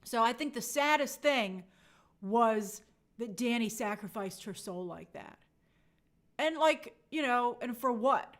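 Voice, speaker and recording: A woman's voice: fairly high pitch, lively intonation, takes it slowly. A young adult woman hosting a casual review show, reading viewer comments aloud and acting out quotes in playful voices. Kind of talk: casual live chat review.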